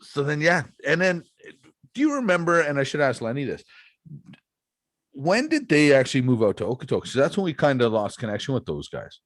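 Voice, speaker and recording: A man's voice: mid-range voice, sing-song, fairly quick, dry recording. A man hosting a podcast, chatting casually and telling stories with lots of fillers. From Canada. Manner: laid-back storytelling with frequent fillers. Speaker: podcast host. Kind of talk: casual chat.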